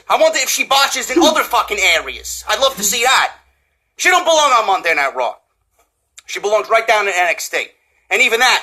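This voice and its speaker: A man with a New York accent tears into the subject in a profane, mocking rant that keeps breaking into shouts. His voice sits high and bright and swings widely in pitch. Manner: swearing, often shouting, mocking. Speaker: wrestling reviewer.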